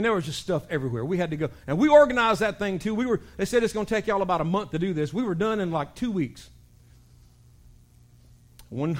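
High-voiced preacher telling stories. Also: male voice. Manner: animated storytelling preaching, acting out voices with big shouts. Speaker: pastor. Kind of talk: sermon.

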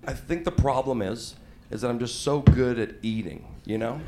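A man's voice: mid-range voice, moderate pace, a little mellow, roomy sound, soft background music. A man, a stand-up comedian chatting casually on a podcast and laughing through his punchlines.

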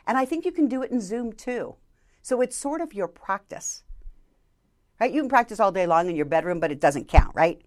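A woman, a keynote speaker, giving interview advice in an animated, emphatic way. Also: moderate pace. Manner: animated, emphatic delivery with lively pitch swings. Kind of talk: conversational interview, coaching tips.

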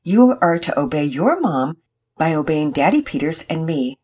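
A woman's voice: low-pitched, very animated, moderate pace, darkish tone, breathy edge, full character voice. A woman voicing a patient but unbending mother in a children's story, coaxing and firm.

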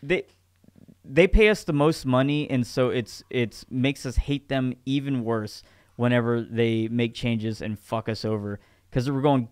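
Smooth, dry-voiced man ranting casually. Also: mid-range voice, a little slow, dry recording. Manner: profane, rambling, emphatic with frequent restarts. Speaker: podcast co-host. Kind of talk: casual podcast chat.

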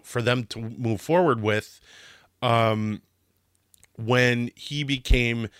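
This man hosts a history talk in a mid-range, smooth voice with a bit of brightness. His delivery is relaxed but passionate, occasionally heated, with restarts and the odd swear word. There's no echo, and the audio sounds like a clean studio.

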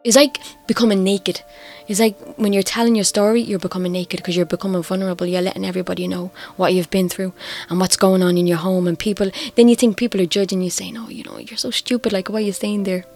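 A middle-aged Irish woman telling her own story, candid and reflective, quietly emotional. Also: medium pitch, steady tone, quick pace, few pauses. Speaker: interviewee. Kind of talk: personal testimony. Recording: faint music underneath.

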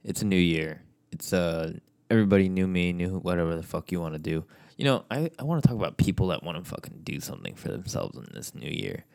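A man with a low, gravelly voice delivers a blunt motivational rant. He swears in nearly every sentence and circles back over the same points. His tone is dark and mellow rather than bright. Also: sing-song, fast talker. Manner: blunt, swears constantly, repetitive.

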